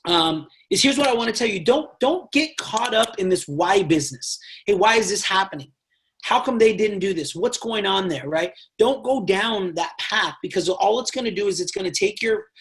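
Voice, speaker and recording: A man leading a network marketing team training, talking in an animated way and checking in with his listeners again and again. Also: high voice. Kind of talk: motivational team training talk.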